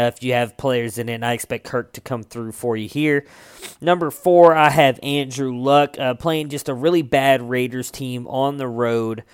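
A man's voice: medium pitch, clean tone, no room sound, clean studio sound. A young man running through his weekly fantasy football rankings in a casual, conversational way, with frequent filler sounds.

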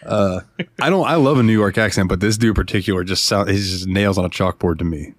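A man's voice: low voice, fast, no echo, studio quality. A man hosting a casual podcast, chatty and laughing often, full of "like" and "uh" fillers. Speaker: podcast host.

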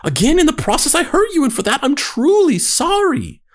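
A woman doing Legs, a male podcast persona who recites everything as high drama, his voice swooping up and down. The delivery is overwrought and theatrical, like a mock solemn stage reading. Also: huge pitch swings, moderate pace.

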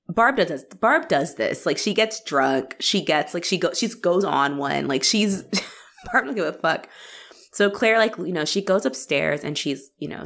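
Low-voiced woman chatting animatedly. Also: gravelly. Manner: animated, profane, acts out quoted characters. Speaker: podcast co-host. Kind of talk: casual chat.

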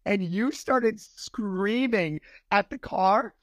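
A man's voice: sits high, slow, fairly bright tone, dry recording, studio quality. A man hosting a podcast, steering the talk in a direct, conversational way. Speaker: podcast host. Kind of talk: conversational interview.

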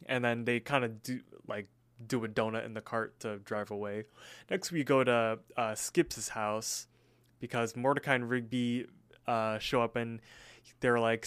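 A man's voice: mid-range voice, fairly even intonation, unhurried, a bit bright, smooth. A man co-hosting a podcast, recapping a cartoon episode in a laid-back way, full of "he's all like" quotes. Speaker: podcast co-host.

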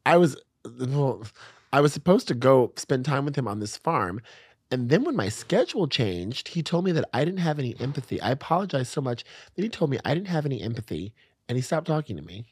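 A young man in a relaxed podcast chat, telling stories in a lively, animated way that breaks into laughter and restarts itself often. His voice is mid-pitched and the sound is dry and close. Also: fairly quick, husky, dry recording. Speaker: podcast guest. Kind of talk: casual chat.

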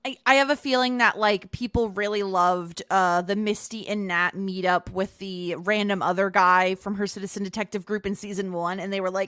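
A woman co-hosting a podcast, recapping a TV episode in casual chat with quick asides. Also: mid-range voice, fairly even intonation, a bit bright, clear, resonant tone, no echo, studio quality. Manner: chatty, quick asides with laughs. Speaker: podcast co-host.

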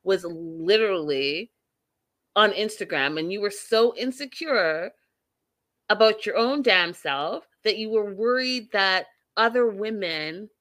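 A woman imitating a loud, aggressive, foul-mouthed woman who shrieks curses and threats. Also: mid-range voice, expressive, takes it slowly, no room sound. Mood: ranting.

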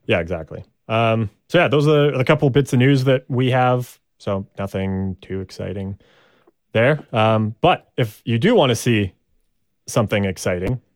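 A man's voice: mid-range voice, animated, normal speed, no room sound, clean studio sound. A man co-hosting a casual sports podcast, rambling and hesitant with many restarts. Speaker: podcast co-host.

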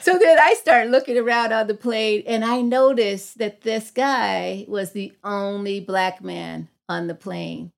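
A woman's voice: medium pitch, measured pace, vocal fry, hardly any pauses. A middle-aged woman, a guest on a podcast, telling a personal story in an earnest, reflective way and acting out the dialogue in a raised voice. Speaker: guest, psychology professor.

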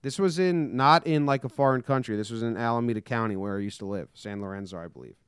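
A man's voice: medium pitch, fast, smooth, no echo, clean studio sound. A young American man casually chatting as a podcast co-host, telling stories and acting out quotes in silly voices. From United States. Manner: rambling storyteller, acts out quotes in silly voices. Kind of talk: casual comedic chat.

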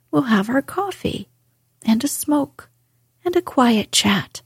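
A woman voicing a boastful but repentant male toad in a soft, breathy whisper. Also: fairly high pitch, no room sound, studio quality.

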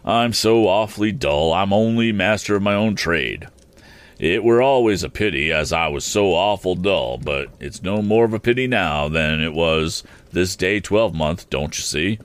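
Man voicing a gentle, slow-spoken old-fashioned blacksmith. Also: sits low, expressive, no room sound. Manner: slow, homely country dialect speech. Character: kindly plain-spoken middle-aged male blacksmith.

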